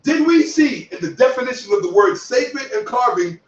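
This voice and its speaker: A man giving heated commentary on other online creators, boastful and profane, sometimes shouting. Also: very high voice, lively intonation, normal speed. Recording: echoey room, distant from mic, dull audio.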